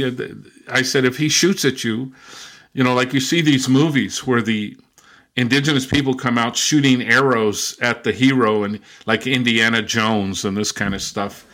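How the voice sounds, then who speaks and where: An older man recounts stories in a casual interview. He rambles, circles back and restarts his sentences, at an ordinary middle pitch. His pace stays easygoing and conversational. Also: normal speed. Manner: relaxed, rambling, with frequent restarts and fillers. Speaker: linguist and former missionary.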